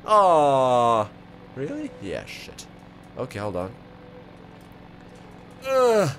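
A man giving excitable let's play commentary, exclaiming and rambling as he goes. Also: medium pitch, very slow. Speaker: gaming video creator. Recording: clear background game noise.

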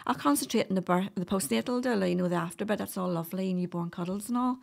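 This middle-aged woman from Northern Ireland speaks at a medium pitch and a quick pace, her voice gravelly and a little mellow. She's a guest doula on a casual podcast interview, chatty and full of stories, laughing frequently.

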